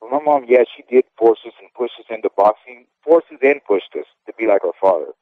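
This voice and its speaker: A man's voice: medium pitch, lively intonation, a little fast, no echo. A man in his fifties, a former boxer, talking candidly and at length in a casual interview, often checking in with the listener as he goes. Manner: candid and rambling, often tags "okay?". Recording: tinny dry phone line.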